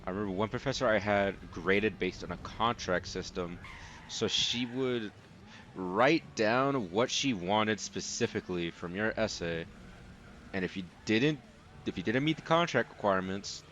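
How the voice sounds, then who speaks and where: A young man casually commenting on a racing game as he plays, rambling and relaxed with lots of filler words. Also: on the low side, measured pace, slight background noise. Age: young adult. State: sleepy, yawning. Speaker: let's play host.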